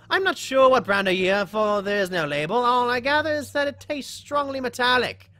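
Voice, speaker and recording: A woman streaming a horror game live, chatting with viewers between playful in-character asides and breaking into excited yelps during chases. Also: on the high side, moderate pace, few pauses, faint music behind. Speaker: gaming streamer. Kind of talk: live game commentary with chat.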